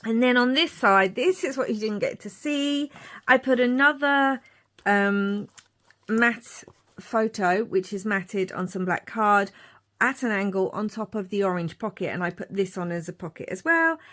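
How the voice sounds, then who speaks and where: In this casual show-and-tell, a crafting vlogger displays her journal pages, rambling along with warm asides. She speaks in a mid-range voice, a little slowly.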